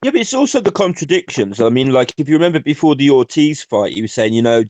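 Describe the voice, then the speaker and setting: A man co-hosting a loose late-night boxing podcast, his pitch sitting in an ordinary middle range. He talks in an animated, profane way and jumps into quoted voices. The mic sound is dry and close, with no room around it. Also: fairly quick, no echo, dull audio. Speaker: podcast co-host. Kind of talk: casual boxing podcast chat.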